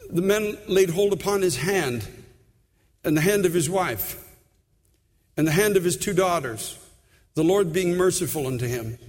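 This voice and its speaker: High-voiced preaching man, church reverb. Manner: impassioned preaching, rising in pitch and force. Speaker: pastor. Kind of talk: sermon. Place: large church sanctuary.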